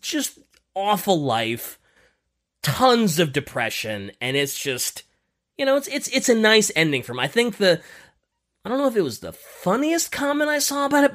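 Animated man telling a story. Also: mid-range voice. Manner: lively, animated storytelling with many fillers. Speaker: podcast host. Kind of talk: casual storytelling chat.

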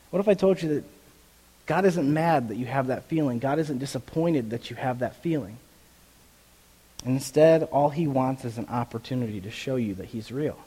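A man's voice: medium pitch, normal speed, darkish tone, slightly rough. A man preaching a conversational sermon as a pastor, reading scripture and acting out the voices in quoted dialogue. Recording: long echo of a large hall.

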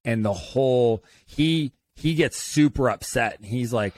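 A man in his thirties, a guest author telling stories in a podcast interview, lively and acting out the voices of others. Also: measured pace, no echo. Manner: animated, acts out quoted voices with big pitch jumps.

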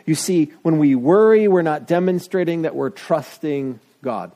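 A man's voice: moderate pace, hardly any pauses. A middle-aged man preaching a sermon in a conversational, self-deprecating way. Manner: conversational, self-deprecating, lively shifts of pitch. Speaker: pastor.

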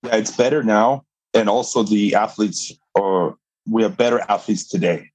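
A man's voice: on the low side, moderate pace, darkish tone, no room sound, poor audio. A middle-aged man, a guest on a podcast, telling a story with energy, laughing often and restarting his sentences. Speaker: guest, jiu-jitsu fighter and coach.

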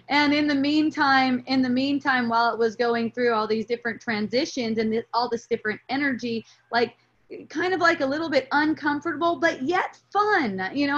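A woman's voice: fairly high pitch, fairly bright tone. Chatty middle-aged woman, lo-fi. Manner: rambling, many fillers and restarts. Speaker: spiritual podcast guest. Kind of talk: reflective spiritual talk. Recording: dull lo-fi recording.

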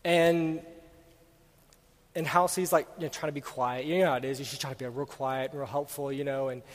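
A young man preaching as a pastor, telling a personal story casually with many fillers and rising excitement. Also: medium pitch, moderate pace. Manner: grows loud and animated while telling the story. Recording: reverberant hall.

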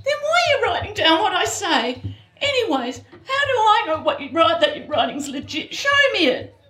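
A woman's voice: very high-pitched, very animated, moderate pace, fairly bright tone, full character voice. A young woman with an Australian accent playing a brash working-class flower girl who talks in broad street slang on stage. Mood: defiant. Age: young adult. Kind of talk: stage play acting. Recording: echoey stage, distant, music behind.

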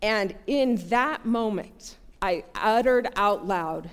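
A woman giving a sermon, telling a personal story in an earnest, conversational and animated way. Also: medium pitch, slow pace, few pauses, clear, resonant tone. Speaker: preacher. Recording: long hall reverb.

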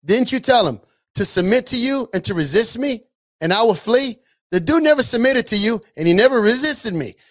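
A man's voice: very high-pitched, expressive, a little fast, fairly bright tone, heavily acted. A man voicing a smug male devil who shrugs off blame in a casual, mocking way. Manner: casual, mocking, matter-of-fact.

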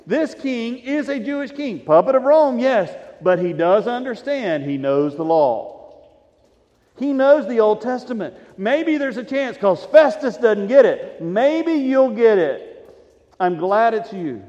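A man preaching a sermon as pastor, animated and swinging between soft asides and loud emphasis. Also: extremely high pitch, measured pace. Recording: dull sound with long hall reverb.

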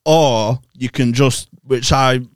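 A man's voice: mid-range voice, fairly even intonation, slow, clear, resonant tone, no room sound. A man making dry, sweary remarks on a podcast. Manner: dry, sweary one-liners. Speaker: podcast co-host and comedian. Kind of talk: casual banter.

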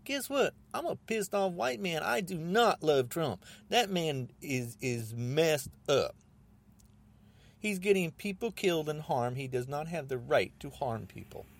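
An angry man hosting his own podcast, ranting about politics in an agitated, repetitive way, often rising almost to a shout. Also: fairly high pitch, expressive, unhurried, vocal fry. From United States. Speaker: podcast host.

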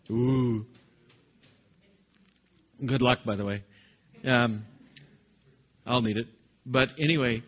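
A male pastor preaching a sermon in an animated way, speaking directly to his congregation. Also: mid-range voice, slow pace, pauses often, husky, dull audio. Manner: animated, acts out scripture dialogue, addresses the congregation directly.

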